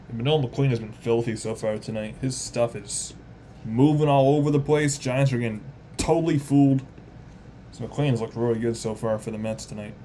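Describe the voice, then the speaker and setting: A young man calling a baseball game live on a stream in casual play-by-play, chatting with viewers between pitches. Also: warm tone, a little hiss or hum. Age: young adult.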